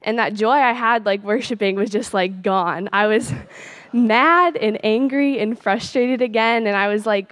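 A woman's voice: fairly high pitch, a little slow, no room sound. Chatty teenage girl, dry close sound. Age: late teens. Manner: chatty, peppered with "like" and soft laughs. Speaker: speaker sharing a faith testimony. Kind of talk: personal testimony talk.

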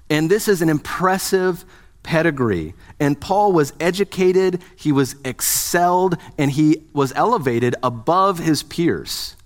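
Joking, conversational man preaching a sermon. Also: medium pitch. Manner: conversational, joking, asks the congregation questions. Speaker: pastor.

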